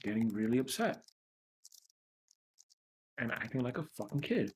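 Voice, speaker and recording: Husky guy venting on a self-help livestream, swears a lot, blunt and raw. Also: medium pitch, very animated, moderate pace. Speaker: host of a tapping session.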